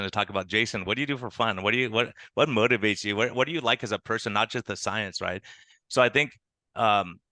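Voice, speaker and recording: A man, an internal medicine doctor, telling animated stories as a podcast guest and acting out the people he quotes. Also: on the low side, dry recording. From United States. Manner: animated storytelling with quoted dialogue. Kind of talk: conversational interview.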